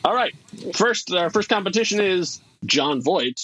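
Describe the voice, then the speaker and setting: A man co-hosting a casual movie podcast, talking in an animated way, laughing often and restarting his sentences. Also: sits high, unhurried, husky, rough recording. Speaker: podcast co-host. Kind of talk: casual chat.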